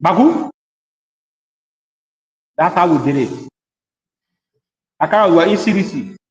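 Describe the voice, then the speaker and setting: A man's voice: high-pitched, lively intonation, slow pace. A man speaking as a guest, insistently defending his own statement. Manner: insistent, repetitive. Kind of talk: defending himself on a talk show. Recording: roomy reverb, dull lo-fi audio.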